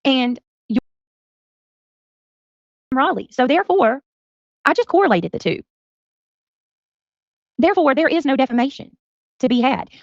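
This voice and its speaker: A woman's voice: high voice, lively intonation, a little slow, pauses often, no room sound. A woman streamer ranting angrily at a rival, confrontational, sarcastic and profane. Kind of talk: angry livestream rant. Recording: dull lo-fi stream audio.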